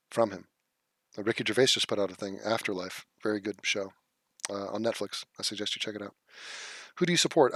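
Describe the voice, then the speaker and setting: A man's voice: lowish voice, fairly bright tone, dry recording. A man hosting a casual livestream, reading chat comments aloud and answering them in a blunt, profane, scoffing way. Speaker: livestream host.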